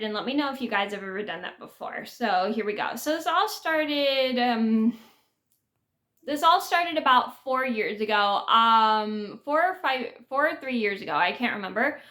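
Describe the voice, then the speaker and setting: A woman's voice: medium pitch, bright, forceful tone, reverberant. A woman vlogger casually telling a story to her viewers, rambling with many fillers and restarts.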